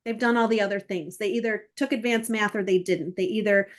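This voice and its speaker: Answering interview questions, a middle-aged essay coach explains her process with animation, performing the emails and parents she quotes. She speaks briskly at a medium pitch.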